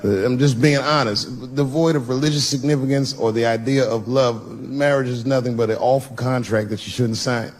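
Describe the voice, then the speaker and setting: A man doing a stand-up comedy set, telling a long story with animated delivery and putting on voices for the people in it. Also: mid-range voice, fairly quick, hardly any pauses. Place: theater stage before a laughing audience.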